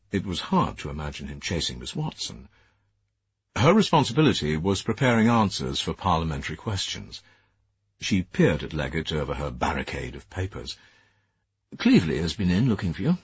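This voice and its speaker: A man narrating an audiobook in a measured, expressive storytelling manner. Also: deep voice, breathy edge, dry recording. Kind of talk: scripted narration. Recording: dull, dry lo-fi studio audio.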